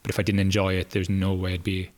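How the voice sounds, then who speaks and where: A British man in his thirties talks casually as a podcast guest, his voice sitting low. He thinks aloud, with plenty of fillers and restarts, in an easy, unhurried way. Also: completely flat delivery. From Britain. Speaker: guest, former hurdler.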